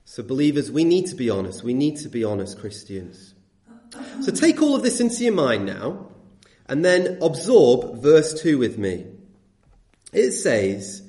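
A man's voice: mid-range voice, sing-song, a little slow, dark tone. Earnest man preaching. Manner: earnest, emphatic, rhetorical questions. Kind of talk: sermon. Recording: echoey room.

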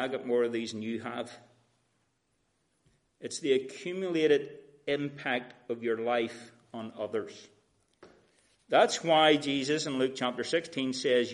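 A man preaching a sermon in an earnest manner, addressing his listeners directly as friends. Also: mid-range voice.

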